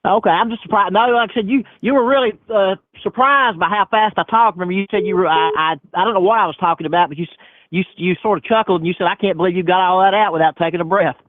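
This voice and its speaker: Male caller, rambles, repeats himself, rapid speech, tinny dry phone line. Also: sits high, no echo. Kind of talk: phone call-in chat.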